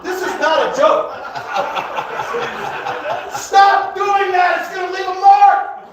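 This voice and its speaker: A frantic pet bird shrieks high and loud, hysterical and shrill. The voice rings through an echoey comedy club with a crowd behind it. It sounds like it comes from a mic set some way off. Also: male voice, takes it slowly, far from the mic, noisy background.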